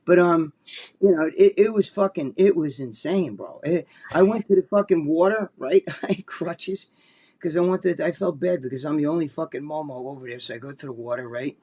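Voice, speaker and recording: A man with a New Jersey accent tells a rambling, swear-filled story in a casual podcast chat. His voice sits a little high for a man and sounds husky and rough at the edges. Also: normal speed. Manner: profane, rambling, animated storytelling. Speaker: podcast co-host.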